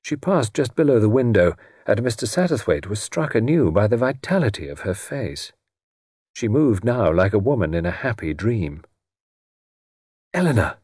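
A male storyteller reading an audiobook with expressive, measured delivery. His voice is husky and moves freely up and down, sitting a little low. The recording is close and dry. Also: dry recording. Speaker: narrator. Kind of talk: scripted audiobook narration.

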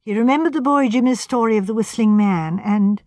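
A woman reading a classic mystery novel aloud with steady, measured narration. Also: on the high side, no echo, studio quality. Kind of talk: audiobook narration.

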